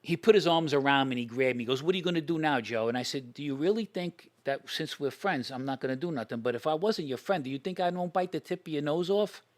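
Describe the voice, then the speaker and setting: An older man, casually telling stories about old friends, animated, acting out quoted lines and often restarting his sentences. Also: fairly high pitch, fast, hardly any pauses. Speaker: podcast guest telling stories. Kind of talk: casual storytelling.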